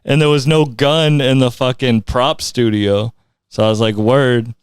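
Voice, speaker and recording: A man hosting a podcast chats in a loose, jokey way and laughs through his own stories. His voice is smooth and clear at an ordinary pitch. The sound is dry and close to the mic. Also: moderate pace, no room sound. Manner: laughs often, jokey and crude. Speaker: podcast host. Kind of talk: casual interview chat.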